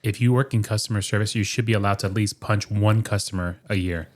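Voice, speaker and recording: A man's voice: lowish voice, fairly even intonation, quick pace, darkish tone. A man co-hosting a casual podcast, telling stories and acting out what people said. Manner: chatty storyteller, acts out quotes. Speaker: podcast co-host. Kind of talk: casual chat. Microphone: studio microphone.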